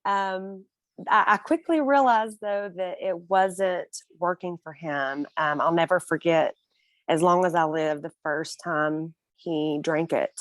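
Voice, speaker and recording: A woman's voice: lowish voice, steady tone, slow, dry recording. A young woman guest in a casual interview, telling her own story earnestly and emotionally, often breaking into small laughs.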